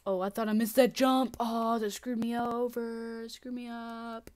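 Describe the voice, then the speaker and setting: A woman talking casually over her own gameplay as a channel host. She keeps up a stream of half-whispered grumbling to herself. Every so often it breaks into sharp, exasperated exclamations. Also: a little high, level tone, unhurried, few pauses. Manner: mutters and whispers to herself, with sudden frustrated outbursts.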